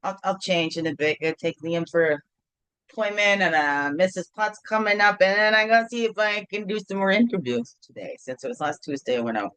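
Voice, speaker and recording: A woman's voice: mid-range voice, animated, brisk, a bit bright, clean tone, no echo. Woman, middle-aged, casual home vlog host, playful, chatty, sing-song, dry close sound. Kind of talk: casual morning video chat.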